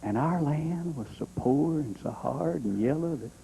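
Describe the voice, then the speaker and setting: A man playing a folksy country-boy character, telling a comic monologue in a deadpan drawl. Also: fairly high pitch, normal speed, gravelly, a little hiss or hum, pitched above the performer's own voice, low-quality recording. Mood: droll. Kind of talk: stand-up comedy monologue.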